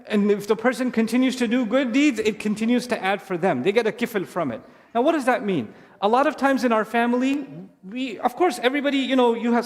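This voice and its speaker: A middle-aged man with a fairly high voice talks earnestly to an audience, repeating his points with touches of humor. His voice rings out through a large mosque hall with a long, trailing reverb. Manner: earnest and repetitive, with warm humor. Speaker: Islamic speaker addressing families. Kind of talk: sermon-style talk to a live audience.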